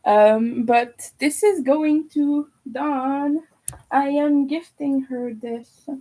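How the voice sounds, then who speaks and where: A woman's voice: high voice, extremely slow, dark tone, poor audio. A young woman chatting casually on a livestream, talking while she eats. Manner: chatty, talks while eating. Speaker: livestreamer and crocheter.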